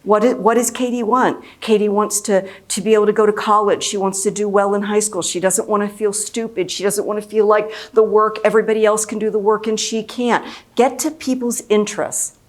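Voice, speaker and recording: A woman in her fifties delivers a conference lecture as a mediator. She talks emphatically, hammering on key phrases and repeating them. Her pitch sits in an ordinary middle range. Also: steady tone, fairly quick. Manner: emphatic and repetitive, acts out quoted speech.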